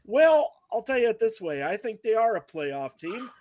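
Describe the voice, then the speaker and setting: A man's voice: high-pitched, very animated, normal speed, darkish tone, dry recording. A man co-hosting a casual sports podcast, emphatic as he builds up his picks. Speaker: podcast co-host. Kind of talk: casual sports roundtable chat.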